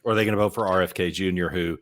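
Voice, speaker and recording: A man with a very low voice talks through a relaxed podcast conversation. He tells stories at an easy pace and stumbles over repeated words as he gathers his thoughts. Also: very fast. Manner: repeats words while hunting for a thought, storytelling. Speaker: podcast co-host. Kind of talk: casual chat.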